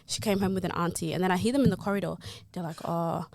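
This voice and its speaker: A woman co-hosting a podcast, telling a story in a quick, animated way with bursts of laughter. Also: on the low side, gravelly. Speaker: podcast co-host. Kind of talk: casual chat, storytelling.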